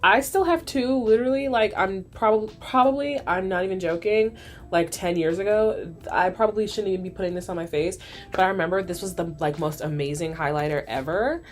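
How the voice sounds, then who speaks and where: A young woman vlogger chatting through a cartoon recap, sassy and loose, calling her viewers girl and y'all. Her voice sits at a middle pitch and moves quickly between asides. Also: faint music behind. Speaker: vlog host. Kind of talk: casual cartoon recap commentary.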